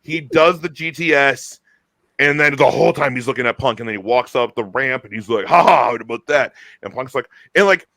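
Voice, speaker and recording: Man host, casual chat, enthusiastic, bright tone, dry close sound. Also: medium pitch, dry recording. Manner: animated, enthusiastic, quick restarts. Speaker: podcast host.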